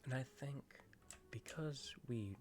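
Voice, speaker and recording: A man hosting an ASMR gaming video, rambling in soft-spoken commentary that drifts between a quiet voice and whispers. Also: mid-range voice, slow pace, faint music behind.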